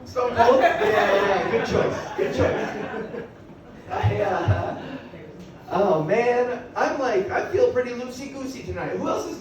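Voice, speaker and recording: Raspy comedian in an echoey bar. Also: female voice, medium pitch, slow pace, crowd noise. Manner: loose, rambling and self-deprecating, with frequent laughs. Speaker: stand-up comedian. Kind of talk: stand-up comedy set. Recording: echoey bar miked from far off with room noise.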